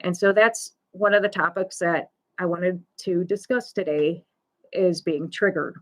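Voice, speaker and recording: A woman hosting a live talk on pet loss, slowly retelling a story in a conversational way, full of fillers and quoted dialogue. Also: fairly low pitch, steady tone. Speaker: pet loss support host.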